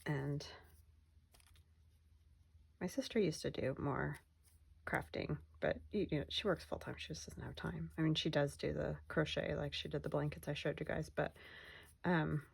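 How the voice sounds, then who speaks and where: A middle-aged woman chatting casually as she works through a craft project at home, rambling and soft-spoken. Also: sits low, moderate pace, creaky, long pauses, slightly rough. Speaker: crafting vlogger. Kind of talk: casual craft-along chat. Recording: faint background noise.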